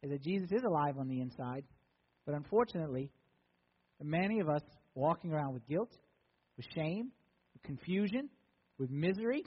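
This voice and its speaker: A man's voice: a little high, animated, normal speed, long pauses, husky. A man preaching a sermon in a church, repeating key words for emphasis. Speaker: pastor. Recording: dull, echoey church recording.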